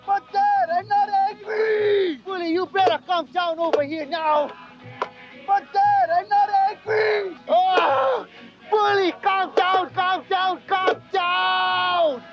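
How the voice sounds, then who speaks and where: A shrill, whining boy's voice, drawn out very slowly, bickers with his dad in a comedy sketch. The sound is dull and lo-fi, with music running under it.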